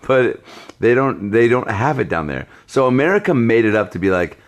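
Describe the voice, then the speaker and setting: A man hosting a podcast, chatting casually with profane, joking, animated storytelling. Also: mid-range voice, normal speed. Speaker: podcast host. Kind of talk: casual chat.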